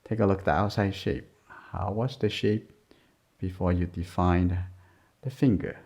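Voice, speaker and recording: A man with a deep, gravelly, mellow voice talks an art lesson through as he draws. He murmurs in short, simple, broken phrases. The recording is dull and lo-fi. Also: steady tone, unhurried. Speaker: art teacher. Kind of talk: drawing lesson narration while working. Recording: dull lo-fi sound.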